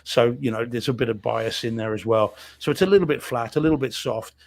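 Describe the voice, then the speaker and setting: A man's voice: mid-range voice, a little fast, darkish tone. A man co-hosting a home theater show, chatting casually about a film with lots of fillers and restarts. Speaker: podcast co-host reviewing films. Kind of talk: casual chat.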